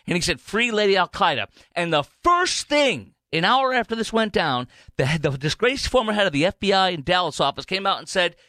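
A man's voice: a little high, pushed and bright, dry recording, clean studio sound. A man hosting a political talk radio show, delivering a rambling, emphatic monologue with many fillers and restarts.

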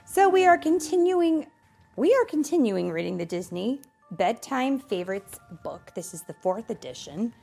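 A young adult mother reading a bedtime storybook aloud, animated, with playful asides. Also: on the high side, moderate pace, vocal fry, soft background music.

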